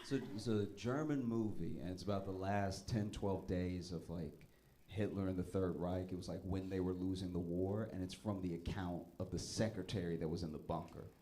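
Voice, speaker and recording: A man doing a stand-up comedy set, telling stories with a laugh in his voice and breaking into loud, high punchlines. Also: moderate pace, few pauses, a little hiss or hum. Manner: animated storytelling, often laughing, jumps to loud high punchlines.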